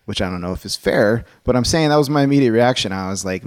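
A lower-voiced man giving his take on a college football hire in a loose, opinionated way, often restarting his sentences. His voice is recorded close and dry, with no room sound. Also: fast, smooth, dry recording. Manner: animated, opinionated, rambling with restarts. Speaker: sports podcast co-host. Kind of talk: casual sports talk.

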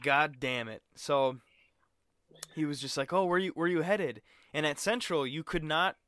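A man's voice: on the high side, a bit bright, dry recording, studio quality. A young man co-hosting a podcast, telling a college story in casual chat, acting out quotes and swearing freely. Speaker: podcast co-host.

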